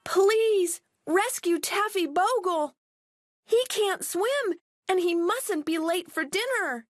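Storybook little girls, woman reader doing them: high, urgent, begging for help. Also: big pitch swings, a little slow, husky, no echo, clean studio sound, exaggerated voice. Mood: pleading. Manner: high, pleading, urgent cries. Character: two small girls, eager and anxious.

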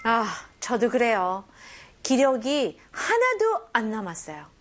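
A woman with a high, bright voice teaches phrases to learners. Her pitch swings widely as she models each line slowly, and she speaks. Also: huge pitch swings, soft background music. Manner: slow, deliberate modeling of phrases with frequent laughs. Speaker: English teacher. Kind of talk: bilingual English lesson for learners.

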